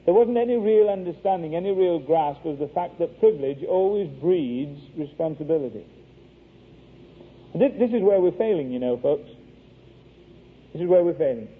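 Husky preacher on tinny radio. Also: male voice, on the high side, expressive, moderate pace, long pauses. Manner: earnest, anecdotal, wry. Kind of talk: sermon with storytelling. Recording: tinny phone-like radio broadcast.

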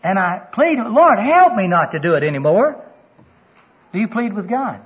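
A man's voice: high-pitched, very animated, moderate pace. A middle-aged man preaching a sermon, telling personal stories earnestly and quoting people aloud. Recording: dull lo-fi recording.

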